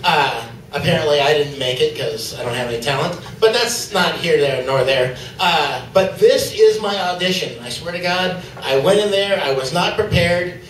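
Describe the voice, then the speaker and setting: A man's voice: fairly high pitch, normal speed, few pauses, fairly bright tone, a little hiss or hum. A man doing a stand-up set, loose and rambling with lots of fillers. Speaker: stand-up comedian. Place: comedy club stage. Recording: echoey club from far off.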